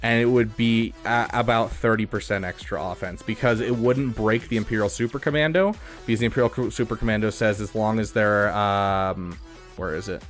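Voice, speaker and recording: A man's voice: fairly low pitch, fairly even intonation, brisk, soft background music. A man casually commenting on a live stream, thinking aloud with frequent fillers. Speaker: streamer reviewing game accounts.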